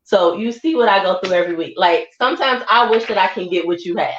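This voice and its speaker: A woman's voice: medium pitch, fast, a little hiss or hum. A woman with a mid-range voice tells stories vividly in casual chat, acting out other people's voices. The sound is roomy and somewhat dull. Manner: vivid storyteller, acts out voices. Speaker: podcast co-host.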